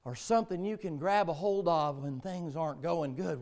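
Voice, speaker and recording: A man's voice: fairly high pitch, moderate pace, few pauses, darkish tone. A man with a Southern US accent preaching a sermon as pastor, in a folksy, joking storytelling manner.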